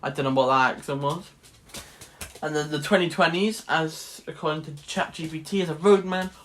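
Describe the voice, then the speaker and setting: A late-teen drama student vlogs casually and wryly about his drama course, restarting sentences as he chats. His male voice is a little high and sharp-toned, at normal speed, with slight hiss or hum in the background.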